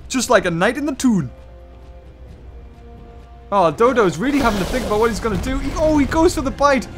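A man giving excited play-by-play commentary on a mobile game battle. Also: very high-pitched, brisk, music in the background. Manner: enthusiastic, play-by-play like a sportscaster. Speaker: gaming YouTuber.

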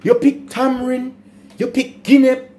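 A man's voice: very high-pitched, completely flat delivery, measured pace, mellow. An older man with a Jamaican accent telling childhood stories in a casual chat, laughing often and turning to talk to his grandsons. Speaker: storyteller. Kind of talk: casual storytelling chat in patois.

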